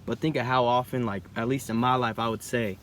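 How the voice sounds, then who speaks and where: A young man thinks out loud in a loose, rambling way, often tossing in "bro" and "right?" as he goes. His voice sits at an ordinary middle pitch. A faint hiss runs under the recording. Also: fairly even intonation, brisk. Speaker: vlogger. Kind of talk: casual reflective monologue.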